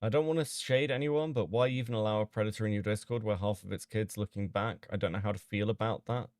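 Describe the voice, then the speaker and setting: A man streaming casually as he reads out chat logs and reacts with sudden loud disbelief and swearing. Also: lowish voice, steady tone, quick pace, smooth, no echo, clean studio sound.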